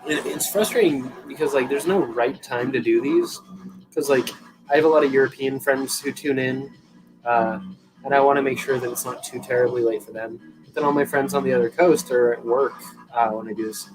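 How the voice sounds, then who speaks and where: A man's voice: medium pitch, fairly even intonation, brisk, poor audio. A young man hosting a live stream, rambling casually to viewers and swearing freely while he drinks a beer. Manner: rambling, profane, self-deprecating, chatting to viewers. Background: music playing.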